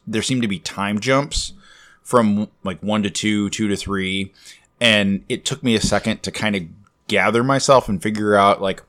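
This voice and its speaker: A man co-hosting a comics podcast, talking in a measured, thoughtful way with pauses. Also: fairly low pitch, a bit bright. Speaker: podcast co-host. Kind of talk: casual chat about comics.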